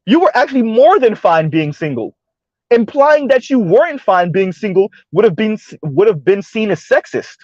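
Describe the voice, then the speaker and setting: High-pitched black dude ranting casually on stream, blunt, keeps going "right?", dry muffled mic. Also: male voice, sing-song, normal speed, darkish tone, no room sound. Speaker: live stream host. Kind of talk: casual commentary to a live chat.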